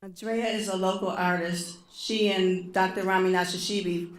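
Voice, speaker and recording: A woman's voice: mid-range voice, flat delivery, normal speed. A woman giving an earnest, candid and conversational public talk as a symposium speaker and advocate. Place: law school event room. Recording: echoey room.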